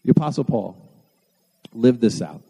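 A man's voice: medium pitch, sing-song, moderate pace, creaky, warm tone, breathy edge. A man preaching a sermon to his church, earnest with self-deprecating asides. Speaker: pastor. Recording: long hall reverb.

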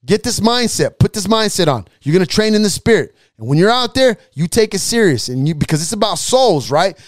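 Emphatic high-voiced male preacher. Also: big pitch swings, a little fast, no echo. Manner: emphatic, repetitive, rising to forceful declarations. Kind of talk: podcast sermon.

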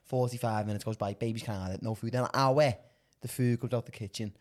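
A man's voice: medium pitch, steady tone, quick pace. A young man with a Northern English accent, telling a rambling, self-mocking story about a comedy gig. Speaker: comedian guest. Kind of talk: casual banter.

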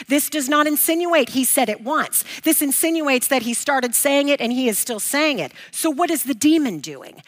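Woman teaching a bible lesson, slightly high. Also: lively intonation, moderate pace, hardly any pauses, fairly bright tone. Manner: emphatic, repeats key points, asks and answers own questions.

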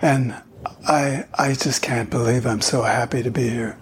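A man's voice: medium pitch, steady tone, a little slow, a little hiss or hum, pitched below the performer's own voice, lightly acted. A man imitating an airy speaker whose voice has too much breath in it. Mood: gushing.

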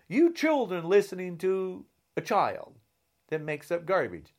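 A man delivering a heated, insulting rant straight to camera, swinging between shouting and a low, menacing growl. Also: very animated, unhurried, lo-fi sound. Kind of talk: angry political rant to camera.

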